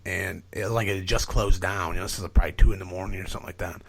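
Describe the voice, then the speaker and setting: Racing along in a low, gravelly, husky voice, a man on a podcast tells a long, meandering story in casual talk. His animated retelling is full of swearing and fillers such as "like" and "you know."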